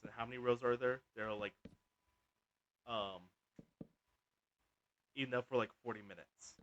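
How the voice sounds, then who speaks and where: Guy, gaming host, casual storytelling, rambling, lots of "like", mid-pitched voice. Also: fairly even intonation, moderate pace, pauses often, a bit bright, muffled recording, slight background noise. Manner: rambling, full of "like" and restarts.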